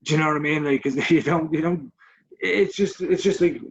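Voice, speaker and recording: A man's voice: a little high, brisk, highs cut off. An Irish man co-hosting a casual podcast, ranting with plenty of swearing and repeating words as he goes. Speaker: podcast co-host. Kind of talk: casual chat.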